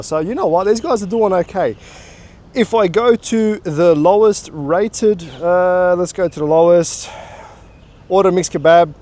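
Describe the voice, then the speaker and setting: A man's voice: high voice, normal speed, warm tone. A man with an Australian accent hosting a casual food review vlog, chatty and swearing offhandedly. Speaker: food vlogger.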